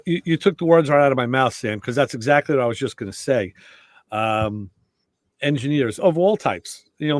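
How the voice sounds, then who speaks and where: A middle-aged man hosts a relaxed podcast chat and tells stories with energy, slipping into the voices of the people he quotes. His voice sits somewhat high for a man. The recording is close and dry. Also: dry recording. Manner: storytelling, animated, acts out quoted dialogue. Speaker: show host. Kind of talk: casual podcast conversation.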